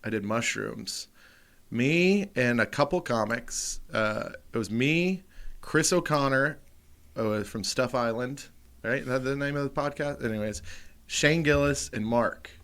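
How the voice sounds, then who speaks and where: Animated, profane male comedy podcaster. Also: medium pitch, unhurried. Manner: animated, profane, acts out quotes loudly. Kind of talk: casual storytelling chat.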